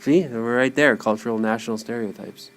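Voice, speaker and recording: A male lecturer talking through material in front of a class. He is animated and keeps questioning his students as he goes. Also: medium pitch, fairly quick.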